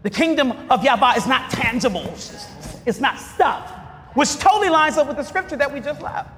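A man preaching a sermon, asking the congregation to finish his lines and breaking into shouts. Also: extremely high pitch, lively intonation, normal speed, slight background noise. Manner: call-and-response questions, bursts of shouting. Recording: long reverb of a large hall.

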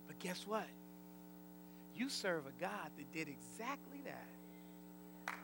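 A man preaching a sermon as pastor, calling out to the congregation and rising to shouts. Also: high voice, lively intonation, unhurried, creaky, pauses often, slight background noise.

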